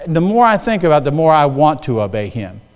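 Older male guest preacher, slightly high voice, chatty sermon style, long church reverb. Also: big pitch swings, fast. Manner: conversational, often checking in with the congregation.

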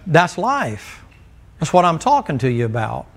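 A man's voice: on the high side, wildly swooping pitch, a little slow, a bit bright. A male preacher, delivering a folksy, joking sermon to a congregation in a church. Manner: folksy, joking storyteller who teases the congregation.

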